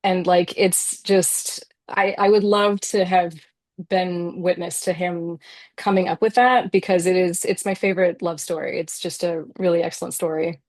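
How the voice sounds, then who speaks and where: Earnest low-voiced woman author guest. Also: steady tone, moderate pace, a little mellow, no room sound. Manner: earnest and reflective, many "like" fillers. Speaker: novelist guest. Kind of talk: casual interview conversation.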